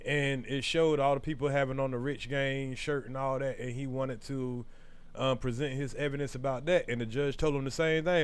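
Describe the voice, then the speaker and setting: A man's voice: medium pitch, fairly even intonation, normal speed, clear, resonant tone. A man hosting a live stream, giving opinionated, conversational commentary on a trial. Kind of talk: casual commentary.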